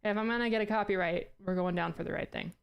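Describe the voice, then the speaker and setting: A woman's voice: medium pitch, fairly even intonation, fast, creaky, muffled recording, slight background noise. Laughing, self-mocking woman streamer. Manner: playful, laughs often, swears casually; self-mocking, trips over words. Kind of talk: casual chat.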